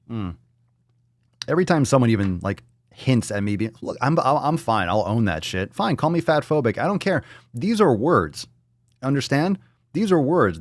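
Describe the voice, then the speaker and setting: A man's voice: mid-range voice, no echo, clean studio sound. A man hosting a daily livestream podcast, ranting in a fiery, profane way. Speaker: host.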